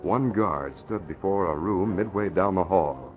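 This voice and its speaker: A man narrating an old radio drama in a measured, dramatic storytelling manner. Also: sits low. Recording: dull lo-fi old radio recording with music.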